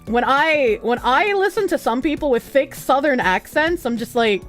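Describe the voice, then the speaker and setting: A young woman streaming, chatting casually and reading out viewer messages, animated and profane, with bursts of giggling. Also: moderate pace, hardly any pauses, soft background music. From United States. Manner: animated, giggly, profane, with squealing high laughs.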